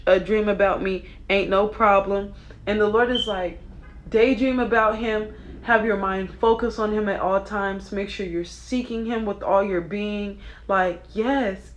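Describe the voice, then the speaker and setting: A young woman giving casual spiritual commentary on song lyrics, chatty and excitable, often checking in with her listeners. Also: mid-range voice. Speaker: Christian video creator.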